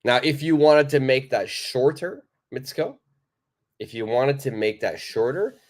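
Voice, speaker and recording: A man's voice: mid-range voice, unhurried. A man teaching English in a live online lesson, explaining phrases emphatically and reading out viewer comments.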